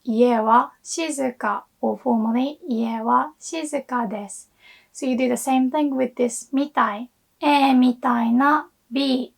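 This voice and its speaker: A woman teaching grammar in English, slowly repeating example phrases, her voice hoarse from illness. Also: high-pitched, fairly even intonation. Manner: slow, careful repetition of example phrases. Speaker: Japanese language teacher. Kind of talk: language lesson explanation.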